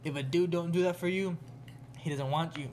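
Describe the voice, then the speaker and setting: High-voiced young man telling stories. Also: fairly quick, background noise. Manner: animated storytelling, heavy swearing. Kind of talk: casual chat.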